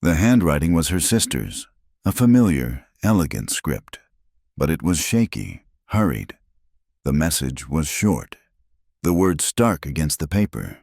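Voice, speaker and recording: A man narrating a dramatic western story in a slow, measured, scripted style. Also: a bass voice, very animated, vocal fry, darkish tone, slightly rough, dry recording, studio quality.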